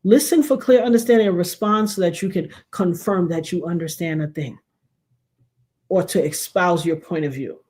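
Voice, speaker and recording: A middle-aged woman hosting a live talk show, giving emphatic, folksy relationship advice to her chat and now and then dropping to a near hush. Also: fairly low pitch, moderate pace. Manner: emphatic, preachy, folksy, drops to a hush for effect. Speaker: livestream talk show host.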